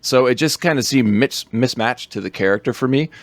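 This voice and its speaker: A man's voice: fairly quick, dry recording. A man co-hosting a film podcast, chatting casually and laid-back, with some hesitant fillers. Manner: laid-back, hesitant with fillers, quotes lines in a low growl. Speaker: podcast co-host. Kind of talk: casual film review chat.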